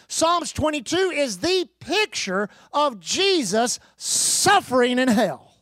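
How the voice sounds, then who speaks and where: A man's voice: very high-pitched, big pitch swings, slow, pushed and bright, no room sound, studio quality. A middle-aged man, preaching a sermon with emphatic rises, repeated phrases and calls to the congregation. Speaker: pastor.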